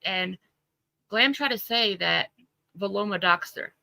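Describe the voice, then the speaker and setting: A woman's voice: medium pitch, unhurried, creaky, bright, forceful tone, dry recording, poor audio. A woman hosting a casual livestream, greeting viewers by name and laughing through her stories. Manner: chatty, laughs at own stories. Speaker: livestream host.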